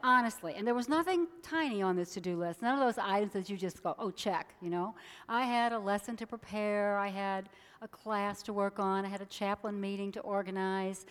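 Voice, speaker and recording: A woman minister giving a sermon, telling a story with lively acted voices. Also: medium pitch, a little fast, in a large hall. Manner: animated storyteller acting out voices. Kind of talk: sermon with a told joke.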